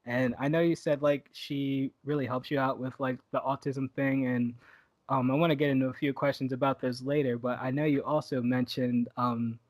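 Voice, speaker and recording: A man hosts a casual interview, asking loose, rambling questions full of likes and ums. His voice is mid-pitched and is recorded dry and close, with no room around it. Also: moderate pace, no echo. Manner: relaxed, rambling questions with many fillers. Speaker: podcast host.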